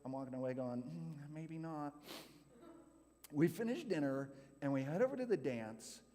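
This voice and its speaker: A man's voice: mid-range voice, very animated, a little fast, warm tone. A man from California giving a youth group talk, telling a personal story in a chatty way with lots of "like". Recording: hall reverb.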